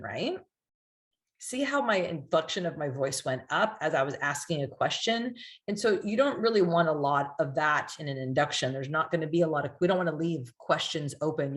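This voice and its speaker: A woman teaching hypnosis in a chatty, casual way, with many "like"s and "right?"s, sometimes acting out a client or a soothing hypnotist line. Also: low voice. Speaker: hypnosis coach.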